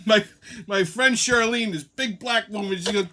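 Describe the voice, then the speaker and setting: A man's voice: high voice, normal speed, bright, forceful tone. A man hosting his own show, telling heated, profane stories as a comic rant. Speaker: host.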